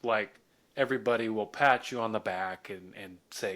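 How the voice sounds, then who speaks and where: A man's voice: fairly low pitch, normal speed, fairly bright tone. A man hosting a podcast, asking casual, rambling questions with many fillers. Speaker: podcast host. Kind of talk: casual interview chat.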